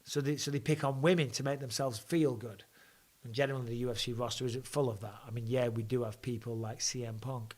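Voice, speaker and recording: An English podcast host runs a casual live chat answering viewer questions, blunt and joking and swearing freely. His voice is mid-range and a little mellow, with fairly even intonation and a brisk pace.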